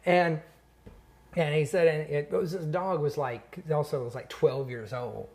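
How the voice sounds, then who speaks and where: A man, a stand-up comedian, telling a long anecdote in casual chat, animated and laughing between lines, with many fillers. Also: a little high, unhurried.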